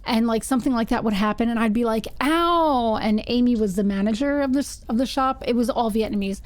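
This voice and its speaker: A woman streamer telling animated stories while playing a game, acting out quotes and screaming when startled. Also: on the high side, fast talker, dry recording. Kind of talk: casual storytelling while gaming.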